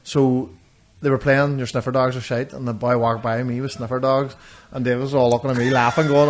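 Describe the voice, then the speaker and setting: A man, co-hosting a podcast and telling rambling, animated stories in casual chat. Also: medium pitch, fast talker. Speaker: podcast co-host. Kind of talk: casual storytelling.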